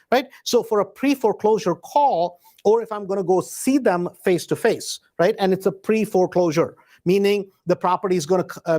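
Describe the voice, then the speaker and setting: A man teaching real estate investing in a loose, conversational way, often checking in with the listener with a quick "right?". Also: high voice, a little mellow. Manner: conversational, peppers points with a tag question "right?"; acts out door-knocking scripts in a hesitant, searching tone. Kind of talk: live instructional talk.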